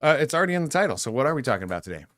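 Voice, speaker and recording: A man's voice: mid-range voice, big pitch swings, rapid-fire, fairly bright tone, no echo, clean studio sound. Rambling, jokey man co-hosting a podcast. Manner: rambling, jokey, trails off mid-thought. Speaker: podcast co-host. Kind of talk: casual chat.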